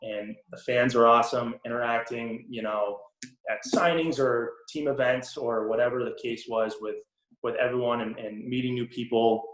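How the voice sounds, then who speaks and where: Young man, boston accent, relaxed rambling, ums, echoey room. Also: mid-range voice, moderate pace. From Boston area. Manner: relaxed, many ums and restarts, laughs easily. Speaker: podcast guest, pro hockey player. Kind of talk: casual interview chat. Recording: roomy echo.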